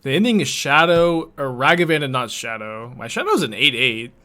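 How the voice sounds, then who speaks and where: Speaking at a middle pitch with big swings and a sharp tone, this man streams a card game at a moderate pace. He reasons through each play aloud in a loose, chatty manner and now and then stops to answer viewers. It's casual live-stream gameplay talk.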